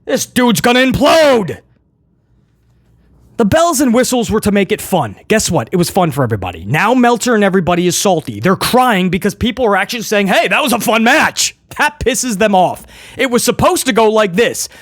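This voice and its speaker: A man's voice: high-pitched, big pitch swings, fast talker, dry recording, studio quality. A man hosting a wrestling commentary show, ranting sarcastically and swearing freely. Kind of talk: opinionated wrestling rant.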